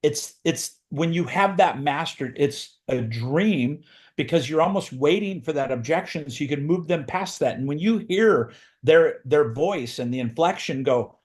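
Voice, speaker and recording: A man's voice: a little high, animated, measured pace. A man giving a motivational training talk as a recruiting coach, speaking emphatically and driving home his points by repeating phrases. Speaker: real estate recruiting coach.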